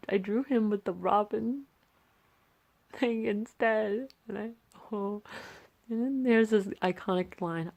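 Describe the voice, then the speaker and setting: Sleepy rambling young woman, low voice. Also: gravelly. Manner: rambling, self-deprecating, many fillers. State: sleepy, yawning. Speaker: artist vlogger. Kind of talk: casual sketchbook tour chat.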